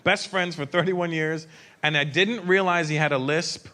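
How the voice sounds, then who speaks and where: A Canadian man performing stand-up on stage, animated and mocking, dropping quickly into impressions. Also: on the high side. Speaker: stand-up comedian. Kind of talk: stand-up comedy set. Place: comedy stage before live audience. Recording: live club with crowd noise. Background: audience murmur and laughter.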